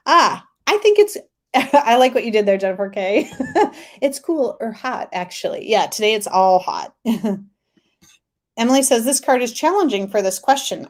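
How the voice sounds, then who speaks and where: A woman's voice: fairly high pitch, animated, unhurried, pauses often. A woman hosting a tarot live stream, chatting casually, reading viewer comments aloud and laughing often.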